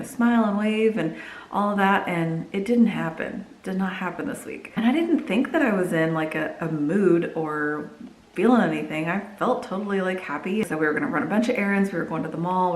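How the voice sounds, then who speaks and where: A young woman tells stories to her camera in an easy, chatty way, her voice sitting a little low. She grows lively when she acts out what people said. The sound carries the echo of a bare room. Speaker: vlogger. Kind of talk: casual chat to camera. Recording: echoey room.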